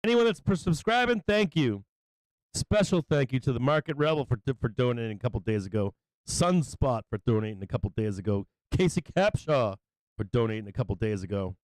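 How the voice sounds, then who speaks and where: A man hosting a live stream, greeting viewers by name in an excited, casual way, swearing and getting emotional. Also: medium pitch, a little fast, dry recording. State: emotional, close to tears. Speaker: livestream host.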